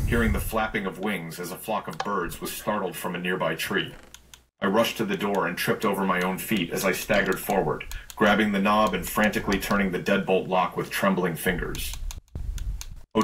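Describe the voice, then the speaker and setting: Deep-voiced male horror narrator. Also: a bit bright, slight background noise, low-quality recording. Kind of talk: scripted first-person horror narration.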